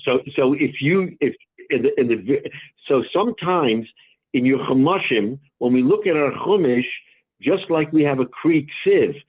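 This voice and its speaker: A rabbi teaching a Talmud class, explaining patiently in halting speech with many restarts. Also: male voice, medium pitch, lively intonation, breathy edge, phone-quality sound.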